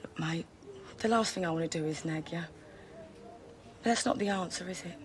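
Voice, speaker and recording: A woman's voice: fairly low pitch, moderate pace, lightly acted. An actress playing a caring, down-to-earth friend in a 1980s TV soap, with a coaxing, motherly manner. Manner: coaxing, motherly, says mate. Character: caring, down-to-earth London friend giving advice.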